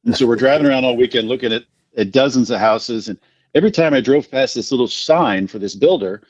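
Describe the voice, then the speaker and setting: A man's voice: mid-range voice, fast, dry recording. A middle-aged man from New Jersey, telling long rambling stories with self-deprecating humor as a podcast guest. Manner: rambling, animated anecdotes with self-deprecating laughs. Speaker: podcast guest, recovery speaker. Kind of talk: casual storytelling. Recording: dry, dull lo-fi audio.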